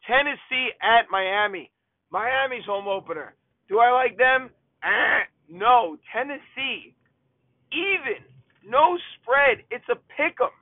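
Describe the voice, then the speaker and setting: A high-voiced man rattles off football betting picks in a brash, blunt monologue full of exasperated outbursts. His voice comes through a tinny, phone-like line with a dry, close sound. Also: dry recording. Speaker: sports betting pundit.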